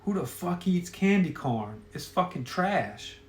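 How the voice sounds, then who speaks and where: A man's voice: high voice, expressive, measured pace, pitched above the performer's own voice. A hot-tempered store worker, as a man voices him in a story, spitting curses in anger. An echoey room surrounds the voice. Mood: angry. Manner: angry, cursing.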